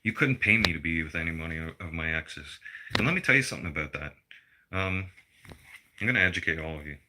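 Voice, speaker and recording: A man's voice: sits low, lively intonation, fast talker, sharp tone, a little hiss or hum. A middle-aged man delivering a blunt, profane personal rant to his viewers. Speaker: vlogger.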